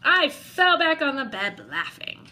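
A woman reading a children's picture book aloud in an expressive way, narrating as a young boy. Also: high-pitched, measured pace, slight background noise, poor audio. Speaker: storybook reader.

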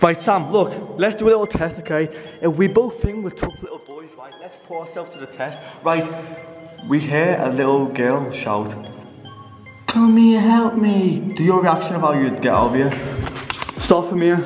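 A young urban explorer with a slightly high voice hosts a casual exploring vlog at a moderate pace, joking playfully with mock-serious asides. He films inside an underground wartime bunker tunnel with the camera held close. The tunnel is echoey with long reverb, and faint music plays.

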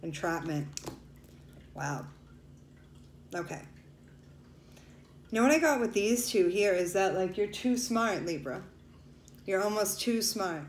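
A woman's voice: mid-range voice, expressive, takes it slowly, pauses often, reverberant, a little hiss or hum. A woman doing a casual tarot reading for viewers. She talks loosely and emotionally and turns tearful at times. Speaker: tarot reader.

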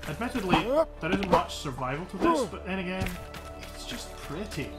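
A man in his thirties giving excitable, playful gameplay commentary and swearing freely. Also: sits high, moderate pace. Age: 30s. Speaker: let's play host. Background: loud game music.

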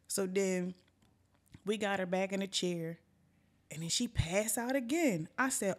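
Animated woman telling a wild story. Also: medium pitch, moderate pace. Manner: animated and profane, acts out voices. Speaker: podcast host. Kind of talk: casual comedic storytelling.

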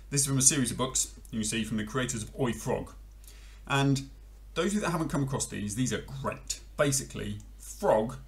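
A middle-aged man, a head teacher chatting cheerfully before reading a picture book to children. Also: mid-range voice.

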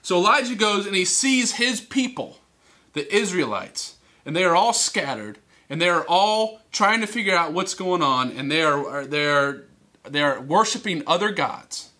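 Man, youth sermon, high voice, bright and forceful, animated storytelling. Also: normal speed. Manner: animated, acts out characters, teasing. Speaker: youth speaker. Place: church hall.

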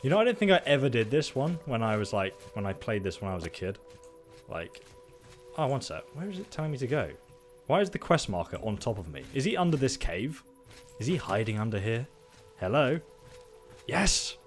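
Excitable young streamer. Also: male voice, medium pitch, fairly quick, soft background music. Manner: joking, excitable, swears, laughs often. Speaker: gaming streamer. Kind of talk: casual live-stream commentary.

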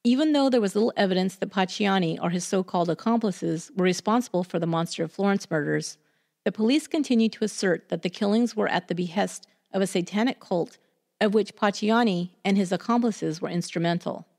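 A woman hosting a podcast, reading a scripted true crime story in a measured, deliberate way. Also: mid-range voice, creaky, darkish tone.

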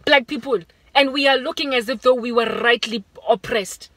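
A woman's voice: normal speed, no room sound. Fervent South African woman preaching. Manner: fervent and emphatic, swinging from raised urgent warnings to low, hushed appeals. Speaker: Christian vlogger. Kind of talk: preaching vlog monologue. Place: inside a car.

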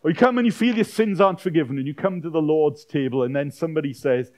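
A man preaching a sermon as a pastor, swinging from loud dramatic outbursts to quiet, intimate lines. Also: on the high side, animated, quick pace, few pauses. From Wales. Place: church weekend-away gathering.

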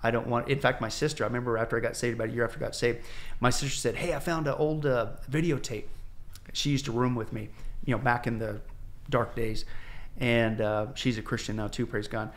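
Guy pastor telling his story on a podcast, lively, does the voices of people he quotes, lots of restarts. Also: medium pitch, fast talker. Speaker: pastor, interview guest. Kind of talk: candid testimony storytelling. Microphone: podcast microphone.

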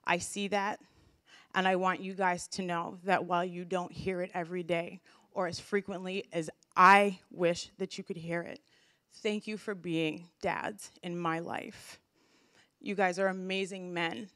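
A woman's voice: medium pitch, a bit bright, no echo, studio quality. Grateful woman giving a heartfelt speech. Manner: emotional, grateful, with many restarts. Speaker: community speaker. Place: community event hall.

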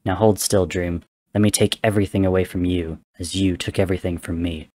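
A man voicing a vengeful ancient male god in a dramatic story reading, speaking low and hushed with taunting menace. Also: steady tone, a little fast. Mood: menacing.

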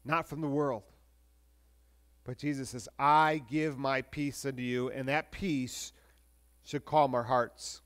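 A male pastor preaching a sermon in a conversational way, with restarts, moving between lively and hushed delivery. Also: mid-range voice, takes it slowly.

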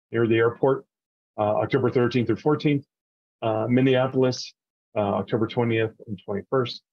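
A man co-hosting a relaxed podcast, rattling off dates with frequent "uh"s and little laughs. His voice sits in a middle range. The recording sounds dull and lo-fi. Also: medium pitch. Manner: runs through event dates with frequent fillers and small laughs. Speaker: podcast co-host. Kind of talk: casual podcast chat.

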